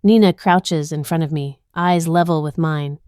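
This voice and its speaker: A woman narrates a dramatic story in the first person, keeping her delivery tense and inward. Her voice sits on the lower side. The recording is dry, with no room sound at all. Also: normal speed, a little mellow, clear, resonant tone, no room sound.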